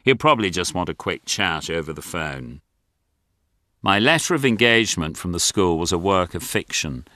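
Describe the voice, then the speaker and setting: A deep-voiced older Englishman reads his memoir with wry, self-mocking dryness and a bright, lively delivery that rises and falls a lot. The sound is dry and close, as from a studio booth. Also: moderate pace, dry recording. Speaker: author and narrator. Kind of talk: audiobook memoir narration.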